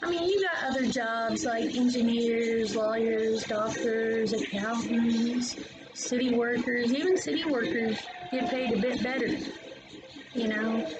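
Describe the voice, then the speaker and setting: A woman's voice: on the high side, a little slow, over loud music, rough recording. A woman vlogging a casual, rambling opinion monologue, plain-spoken and drifting from topic to topic.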